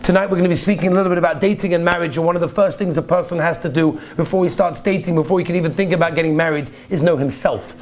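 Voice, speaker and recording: Earnest rabbi telling a story, higher voice. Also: male voice, steady tone, very fast, few pauses, darkish tone. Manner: earnest, emphatic, repeats key phrases. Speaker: rabbi giving a talk. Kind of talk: sermon with storytelling.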